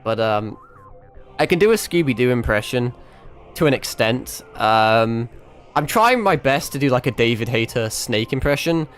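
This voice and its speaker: Um jovem streamer conversando casualmente de madrugada, divagando com muitos palavrões, hesitações e recomeços, com a voz cansada e falhando depois de horas falando. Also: male voice, medium pitch, animated, moderate pace, slight background noise. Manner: rambling, swearing, lots of restarts and fillers. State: voice tired and cracking after hours of talking. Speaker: VTuber streamer. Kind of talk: casual late-night stream chat. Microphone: desk microphone.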